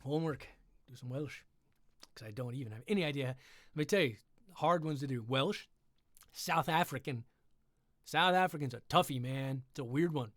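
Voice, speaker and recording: A man hosts a livestream, reading a story aloud and chatting between passages in a rambling, joking way with casual swearing. His medium-pitched, fairly bright voice moves at normal speed with frequent pauses, captured in clean studio sound without echo.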